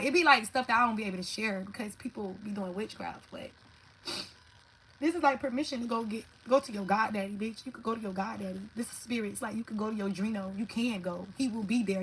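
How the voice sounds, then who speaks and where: A woman giving a loose, unscripted tarot reading, swearing freely and talking straight to her viewers. Her voice sits at a middle pitch, and she jumps quickly from thought to thought with lots of feeling. A faint hiss of noise sits under the recording. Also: poor audio. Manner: blunt, profane, animated, talks to viewers directly. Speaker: tarot reader. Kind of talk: live tarot reading, casual monologue.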